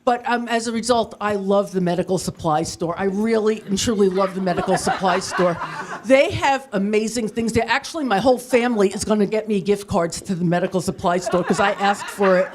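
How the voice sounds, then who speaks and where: A woman's voice: mid-range voice, brisk, background noise. A woman performing a stand-up comedy set in a TV studio, delivering self-deprecating punchlines in a dry, matter-of-fact way. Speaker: stand-up comic. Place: TV studio with live audience.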